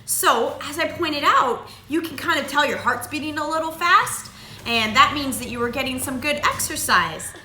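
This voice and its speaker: A woman's voice: sits high, animated, normal speed, pushed and bright, reverberant, slight background noise. A woman karate instructor patiently teaching a child, with lots of encouraging praise. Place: martial arts dojo.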